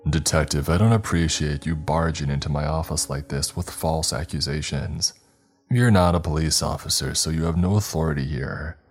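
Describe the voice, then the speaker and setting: A man's voice: rumbling low, moderate pace, soft background music. Man doing a blustering cowardly principal. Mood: defensive. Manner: pleading, defensive. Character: middle-aged male school principal, blustering and cowardly.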